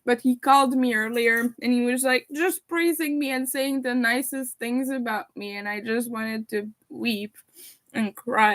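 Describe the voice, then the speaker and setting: A young woman chats casually with her live viewers, talking while she eats. Her voice sits a little high, and she takes her time. She speaks at an unhurried, relaxed pace. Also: rough recording. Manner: chatty, talks while eating. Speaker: livestreamer and crocheter. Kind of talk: casual livestream chat.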